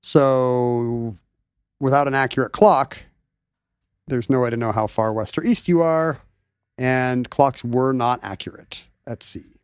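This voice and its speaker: A man's voice: medium pitch, a little slow, clear, resonant tone, no room sound, clean studio sound. A man in a casual chat, explaining at length with asides and restarts.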